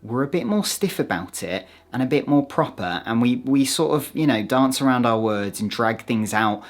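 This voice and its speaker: A British-accented man chats casually to his audience, tossing in playful, self-deprecating asides. His voice sits at an ordinary middle pitch. Soft music plays quietly underneath. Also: animated, moderate pace. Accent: British English. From United Kingdom. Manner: chatty, jokey self-mocking asides. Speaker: vlogger. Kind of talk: casual talk to camera.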